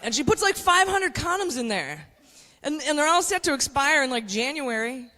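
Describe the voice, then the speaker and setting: Brash woman stand-up in her 40s, bright edge, hall reverb on a handheld mic. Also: sits high, very animated, normal speed. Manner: brash, conspiratorial, addresses the crowd. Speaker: stand-up comedian. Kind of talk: stand-up comedy set.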